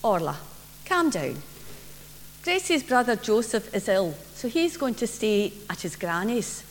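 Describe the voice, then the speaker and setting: A woman's voice: a little high, very animated, moderate pace. A woman voicing a kind, patient mother in a story told during a sermon. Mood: calm. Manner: soothing, reassuring. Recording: reverberant church, faint hum.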